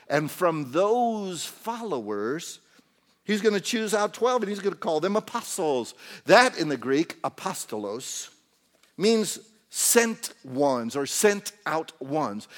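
Preaching an animated sermon in church, a pastor speaks in a high voice that swings widely in pitch. He shifts between loud and hushed and breaks into acted-out voices along the way.

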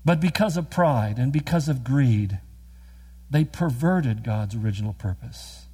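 A man preaching a sermon, earnest and emphatic, with quick storytelling asides. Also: mid-range voice, lively intonation, warm tone, breathy edge. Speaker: pastor.

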